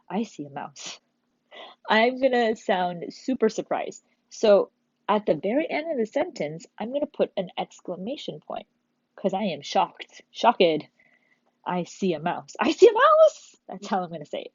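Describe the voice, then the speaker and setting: Animated woman teacher, lively voice. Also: medium pitch, no room sound, muffled recording. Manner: animated, explains step by step to young pupils. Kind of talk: recorded remote class lesson.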